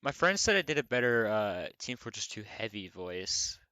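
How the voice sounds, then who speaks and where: Male streamer host, rambling casual chat, crisp dry sound. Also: on the low side, very animated, normal speed, pushed and bright, dry recording. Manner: rambling, frequent restarts.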